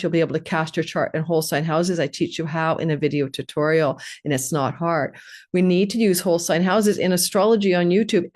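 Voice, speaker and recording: Chatty woman astrologer, slightly low voice. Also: a little mellow. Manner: chatty and digressive, quick asides. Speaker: astrologer guest speaker. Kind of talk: informal presentation.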